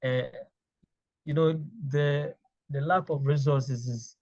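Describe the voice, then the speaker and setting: Man from Ghana, interview guest, halting and repetitive delivery, mid pitch, dry muffled remote audio. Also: fairly even intonation, a little mellow, dry recording. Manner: halting, repeats words while thinking. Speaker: clinical engineering manager, guest. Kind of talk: interview conversation.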